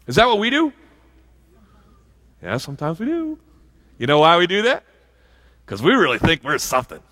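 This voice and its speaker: A man's voice: fairly high pitch, huge pitch swings, fairly quick, long pauses, fairly bright tone, big-room sound. A male pastor preaching a sermon in a conversational way, with asides and frequent restarts. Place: church sanctuary.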